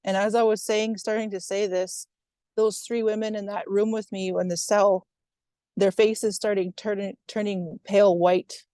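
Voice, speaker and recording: A woman recounting a personal incident at length, retelling what was said in a steady, even way. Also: medium pitch, moderate pace, no room sound. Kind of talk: first-person account.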